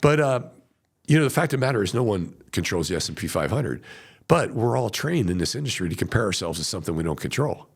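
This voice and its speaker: Animated middle-aged man, coaching tone. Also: on the low side, fast, gravelly, husky. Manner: animated storyteller, acts out client quotes. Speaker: veteran wholesaler guest. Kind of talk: conversational coaching talk.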